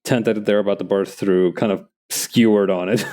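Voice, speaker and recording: A man draws a comic on stream, talking in a dark, fairly low voice that stays steady at normal speed. Between comments on his art, the casual chat wanders into musing tangents.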